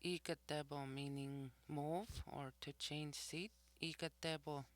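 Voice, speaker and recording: A language teacher in a recorded vocabulary lesson, who says each word slowly twice and then explains what it means. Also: mid-range voice, steady tone, a bit bright, no room sound. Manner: slow and deliberate, repeats each word twice; explains each word's meaning after saying it.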